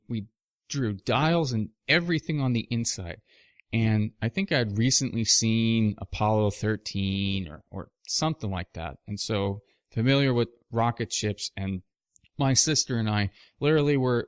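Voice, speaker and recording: A man's voice: fairly low pitch, no echo, clean studio sound. A man hosting a podcast, telling reflective stories with frequent asides in a casual monologue. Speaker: podcast host.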